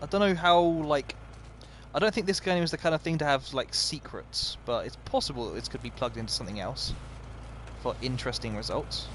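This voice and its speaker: A man's voice: medium pitch, a little fast, a little hiss or hum. A man commentating live as he plays a video game, chatty and self-mocking, often talking to the game itself. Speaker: game streamer.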